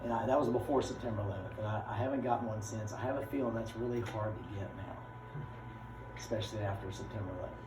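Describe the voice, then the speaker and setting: Folksy teacher in an echoey classroom. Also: male voice, fairly low pitch, fast. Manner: folksy and animated, drawling asides. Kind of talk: classroom explanation with personal stories. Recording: echoey room, mic far off, noisy.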